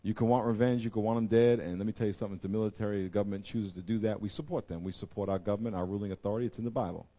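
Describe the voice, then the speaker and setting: A man preaching a sermon to his congregation, with emphatic delivery that swings from loud exclamations to quiet intensity and repeatedly addresses the audience directly. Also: fairly low pitch, steady tone, rapid-fire, hardly any pauses. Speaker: pastor.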